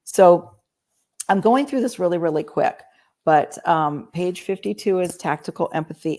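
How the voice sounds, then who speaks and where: A woman talking through communication skills on a podcast, teaching in a lively way and acting out quoted lines. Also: lowish voice. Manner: animated teaching, acts out quoted voices. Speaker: real estate agent. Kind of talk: podcast conversation, coaching.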